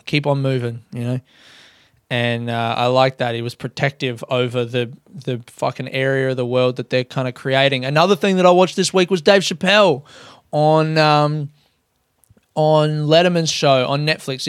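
A man's voice: medium pitch, clear, resonant tone, no echo, clean studio sound. A young man chatting candidly on his own, swearing freely and mocking himself. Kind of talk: casual solo chat.

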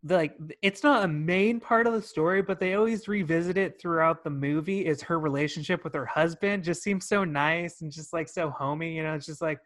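A man's voice: on the high side, fairly quick, hardly any pauses, fairly bright tone. A man co-hosting a casual film review chat, retelling scenes with acted-out quotes and swearing. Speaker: podcast co-host.

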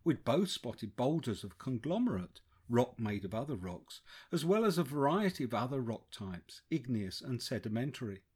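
A man narrating a first-person travel memoir in a measured, descriptive way. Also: mid-range voice, big pitch swings, a little mellow, husky. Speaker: audiobook narrator.

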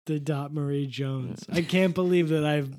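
A man's voice: on the high side, fairly even intonation, moderate pace, darkish tone. A man co-hosting a podcast, riffing and joking through a casual recap. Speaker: podcast co-host.

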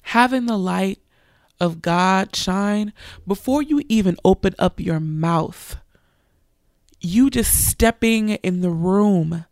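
Earnest preaching woman, gravelly, dry. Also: mid-range voice, slow, no echo. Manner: earnest testimony, animated quoting of others. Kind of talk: sermon.

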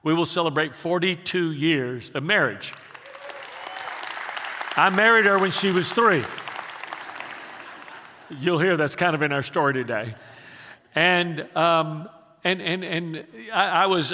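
A pastor in his sixties preaches a sermon with big-room sound, his slightly high voice pushed and bright. He stumbles through halting restarts while telling a story, then grows emphatic as he preaches.

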